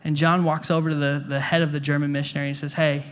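This pastor's voice is on the high side and flat, and he speaks very quickly. Addressing his congregation in a church hall, he keeps things conversational, repeating himself and asking the room questions.

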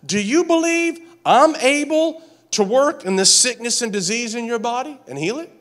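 A man preaching a sermon, passionate and repetitive, building to shouts. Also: extremely high pitch, lively intonation, normal speed. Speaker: pastor.

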